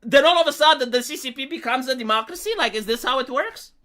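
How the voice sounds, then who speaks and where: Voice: high-pitched, animated, fast, sharp tone. A live streamer from Romania, ranting in sarcastic, heated and profane commentary.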